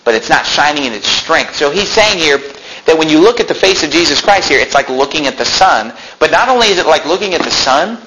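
A pastor preaching a sermon in a church, explaining scripture with rhetorical questions and folksy asides. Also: male voice, on the high side, lively intonation, brisk, noisy background.

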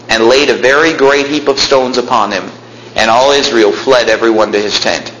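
In an echoey room carrying faint ambience, a young man delivers a sermon, reading scripture and unpacking it in plain language as he builds toward fervent emphasis. His voice is mid-range and a bit bright, with a little hiss or hum in the recording.

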